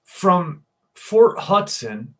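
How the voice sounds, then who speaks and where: A man voicing his confused, delirious elderly father in an earnest, rambling way, pitched higher than his own voice. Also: sing-song, drawn-out words, fairly bright tone, exaggerated voice.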